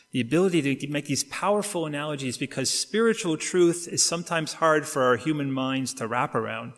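Man preaching in an echoey church. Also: on the high side. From Canada. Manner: storytelling with acted-out quotes, wide swings in loudness and pace. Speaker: pastor. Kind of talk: sermon. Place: church sanctuary. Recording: long reverb of a church hall.

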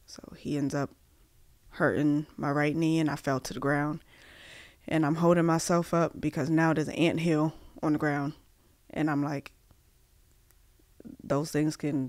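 A woman from Massachusetts, a podcast guest, telling a personal story haltingly with many fillers and restarts, acting out the dialogue she quotes. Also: deep voice, little pitch movement, darkish tone, no echo, clean studio sound.

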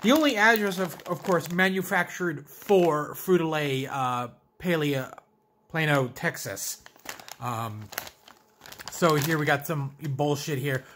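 A man's voice: a little high, slow pace, fairly bright tone, slight background noise. A man reviewing potato chips in a casual vlog, ranting sarcastically, swearing and restarting his sentences. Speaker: food reviewer. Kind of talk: casual vlog taste test.

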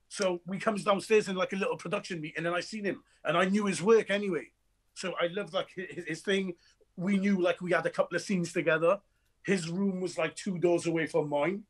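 A man, an actor telling animated stories about his work in a lively interview chat. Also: high voice. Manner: energetic, restless storyteller who acts out quoted dialogue.

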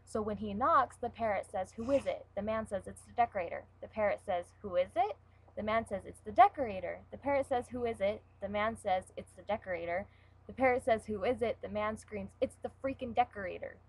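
A young woman, a sick web show co-host, reading jokes aloud casually on a home webcam and letting her sentences trail off quietly. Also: medium pitch, fairly quick, breathy edge, rough recording.

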